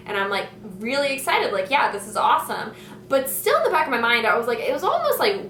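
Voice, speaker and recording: A woman's voice: mid-range voice, a bit bright, slight background noise. A young woman telling a story from her school days in a casual, chatty way, full of "like" and "you know". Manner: chatty, lots of filler "like". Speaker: vlogger. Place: home, kitchen nearby. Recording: echoey room, mic at a distance.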